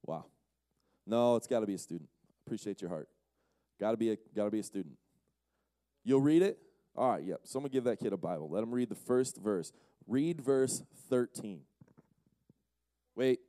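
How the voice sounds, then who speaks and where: A man's voice: lowish voice, animated, moderate pace, pauses often, warm tone, no room sound. A man giving a casual, joking sermon to a young audience as a conference speaker, teasing the crowd as he goes. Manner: playful, teases the audience.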